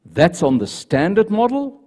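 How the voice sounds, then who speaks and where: A man's voice: sits high, big pitch swings, measured pace, darkish tone, pitched above the performer's own voice, exaggerated voice. A man voicing a doubting, caring female angel in a read-aloud story, with a questioning, slightly lifted tone. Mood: skeptical. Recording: reverberant church hall.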